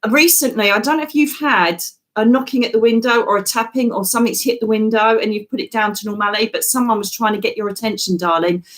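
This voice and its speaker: A woman's voice: on the high side, fast, hardly any pauses. Chatty woman giving psychic readings. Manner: warm, calls viewers darling, chatty. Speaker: psychic medium host. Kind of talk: live psychic reading chat.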